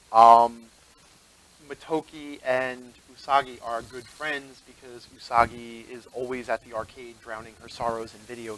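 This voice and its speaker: A man acting as game master narrates a tabletop game, rambling, chatty, and laughing often. His mid-range voice has a fairly bright tone, though the recording quality is low.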